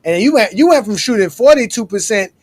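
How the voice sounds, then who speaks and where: A man hosts a casual sports chat in a quick, high voice, teasing his guest without letup. He rattles off old stats with playful digs. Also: lively intonation. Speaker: host.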